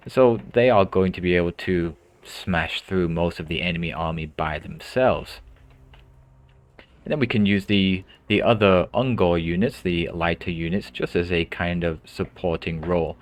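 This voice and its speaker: A deep-voiced man narrates a strategy game for beginners. He explains each move in a calm, thinking-aloud way, often repeating a word before going on. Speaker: gaming tutorial host. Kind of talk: gameplay commentary.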